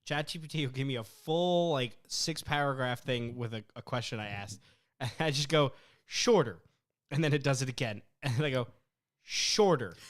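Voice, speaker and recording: A young man co-hosting a podcast in casual chat, animated and swearing as he acts out arguments with his phone. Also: mid-range voice. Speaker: podcast co-host.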